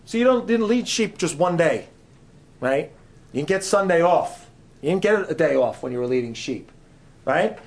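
Middle-aged male guest preacher, slightly high voice, animated sermon delivery that shifts from hushed to loud. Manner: lively, questions the audience, swings from soft to loud.

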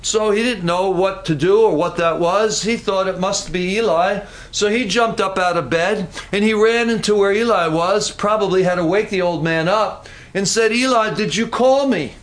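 A man preaching a sermon, telling the story in an animated way and slowing down for dramatic emphasis. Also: high voice. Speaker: pastor.

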